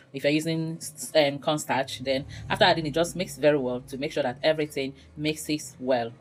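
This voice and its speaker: A low-pitched woman walks viewers through a recipe, step by step. She speaks in a relaxed, chatty way and breaks into laughter now and then. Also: low-quality recording. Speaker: cooking channel host. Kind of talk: casual cooking tutorial narration.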